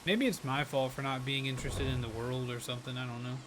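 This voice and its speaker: A man's voice: medium pitch, little pitch movement, quick pace, noisy background. A man streaming live as he plays a game, chatting casually in a rambling, musing way, with hedges and bits of dry sarcasm. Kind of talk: casual chat while playing a game. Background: game music.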